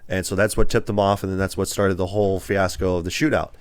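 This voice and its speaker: A man's voice: low-pitched, flat delivery, fast talker, clean tone, no echo. A man co-hosting a casual movie review podcast, retelling scenes with lots of "and then he goes like.". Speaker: podcast co-host.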